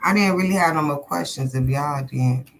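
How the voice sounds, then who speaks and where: On a low-quality recording with a little hiss or hum, a woman talks at a moderate pace in a low-pitched voice with vocal fry. Reading tarot live, she's profane and blunt with her viewers, chatting casually and laughing frequently between their questions.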